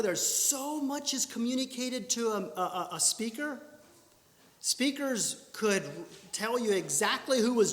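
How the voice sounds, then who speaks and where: A man giving a talk on public speaking at a church training session, lively and animated, often restarting his sentences. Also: high-pitched. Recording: echoey church hall.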